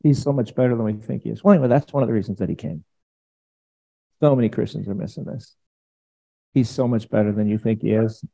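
Animated preaching man, mellow voice. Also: lowish voice, fast talker, vocal fry, long pauses. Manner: animated, conversational preaching with acted-out quotes. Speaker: pastor. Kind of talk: sermon.

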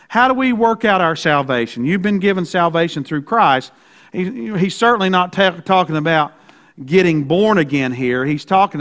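Male pastor with a high voice. Folksy and emphatic from the pulpit, and he slows right down for scripture. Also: a bit bright. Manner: slows down to read scripture deliberately. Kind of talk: sermon.

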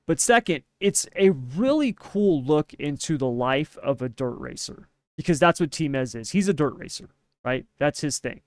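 A podcast co-host with a slightly high voice and lively intonation speaks at a moderate pace, recorded dry with clean studio sound. In casual opinion chat he rants emphatically, often ending points with "right?".

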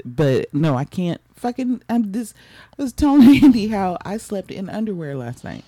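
A middle-aged woman co-hosting a podcast, talking loud and blunt with plenty of swearing. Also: lowish voice, big pitch swings, moderate pace, no echo. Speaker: podcast co-host. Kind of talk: casual chat.

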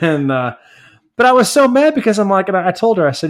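A man from the United States co-hosting a podcast, telling long rambling stories, often laughing and growing animated as he rants. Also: on the high side, fast talker. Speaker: podcast co-host. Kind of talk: casual chat.

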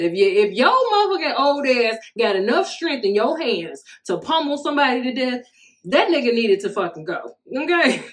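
A woman in her thirties hosting a solo podcast, talking candidly and profanely in a casual monologue, often laughing as she tells stories. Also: fairly high pitch. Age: 30s. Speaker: podcast host.

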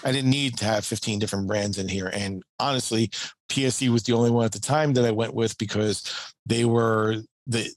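A man who used to run an archery shop, explaining the trade in a calm, measured way during a casual chat. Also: fairly low pitch. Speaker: former archery shop owner.

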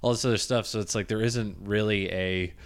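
A man hosting a casual podcast chat, easygoing and quick with jokey interjections. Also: on the low side, steady tone, smooth. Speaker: podcast host.

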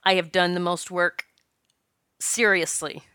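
A woman's voice: fairly low pitch, steady tone, pushed and bright, clear, resonant tone, no room sound, studio quality. A middle-aged woman giving a blunt motivational talk as a spiritual life coach, swearing freely, laughing often and stretching out key words for emphasis. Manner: emphatic, drawn-out stresses. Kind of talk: motivational monologue.

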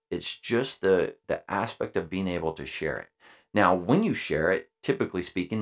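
Deep-voiced man giving earnest leadership talk. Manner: earnest, repeats key phrases, frequent fillers. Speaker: senior enlisted leader.

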